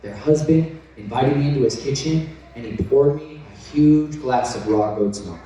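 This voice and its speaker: A man's voice: mid-range voice, normal speed. Intense man preaching in an echoey hall. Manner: intense, excitable, bursts into shouts. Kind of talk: storytelling sermon. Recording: very echoey, from far off.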